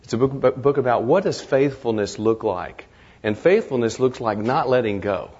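A man talking through ideas in a reflective discussion, halting and restarting often. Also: medium pitch, a little mellow, breathy edge, big-room sound, highs cut off. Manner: halting, many restarts and repeated words.

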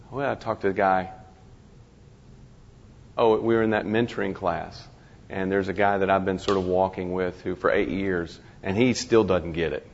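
A guest speaker to a ministry class gives an informal lecture in a low, gravelly, steady voice. He's conversational, stumbles through halting restarts, and slips in wry jokes at his own expense. The audio is dull and lo-fi, with a long large-hall reverb and a little hiss or hum.

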